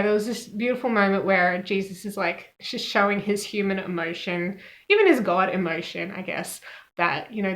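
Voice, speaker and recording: A woman giving a casual devotional Bible talk, chatty and relaxed, with many fillers and small laughs. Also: medium pitch. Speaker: Bible teacher.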